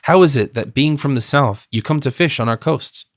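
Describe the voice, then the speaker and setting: A man reading a shrewd, calm army general. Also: medium pitch, normal speed, dry recording, clean studio sound, close to an everyday voice. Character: shrewd, calm English general questioning a prisoner.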